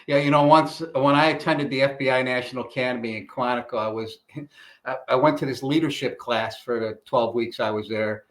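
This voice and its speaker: A middle-aged man tells stories in a loose, conversational way, slipping into other people's voices as he recounts what they said. He speaks at an ordinary pitch, with the plain manner of a retired police chief. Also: a little fast. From Illinois, US. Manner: animated storyteller, acts out quoted dialogue. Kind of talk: casual storytelling interview.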